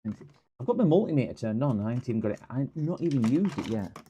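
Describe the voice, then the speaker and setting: A man's voice: mid-range voice, sing-song, a little fast, warm tone, a little hiss or hum. A man with a broad Scottish accent chatting casually on a live stream while repairing computers, greeting viewers and rambling through stories. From Scotland.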